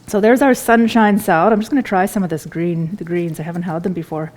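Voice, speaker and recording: A woman's voice: fairly low pitch, steady tone, fast, darkish tone. Chatty woman chef tasting food. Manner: chatty and enthusiastic, talks while tasting food. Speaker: chef doing a cooking demonstration. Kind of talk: live cooking demonstration. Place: store kitchen.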